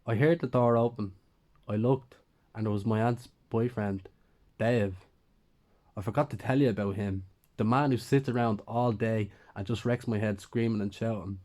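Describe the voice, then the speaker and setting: Low-voiced man telling a story. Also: steady tone, moderate pace, a little mellow. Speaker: narrator. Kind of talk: first-person horror story narration.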